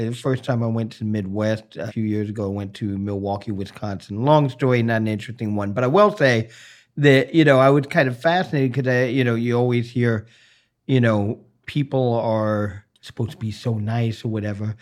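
A man's voice: medium pitch, steady tone, brisk. Easygoing male podcast host. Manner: easygoing, laughs along, asks friendly questions. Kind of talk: casual interview chat.

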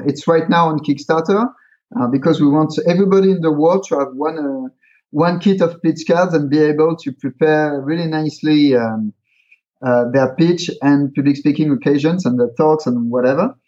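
A man's voice: fairly high pitch, moderate pace, darkish tone. Hesitant man, lo-fi sound. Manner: hesitant, many fillers and restarts, explains with examples. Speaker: guest, creator of a pitching card game. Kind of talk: casual interview talk. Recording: dull, lo-fi sound.

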